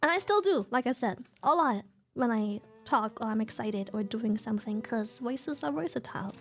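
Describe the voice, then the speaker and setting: A woman's voice: on the high side, moderate pace, faint music behind. A young woman streaming while sick, chatting candidly and swearing freely as she explains her voice. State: sick, slightly hoarse. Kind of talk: casual stream chat.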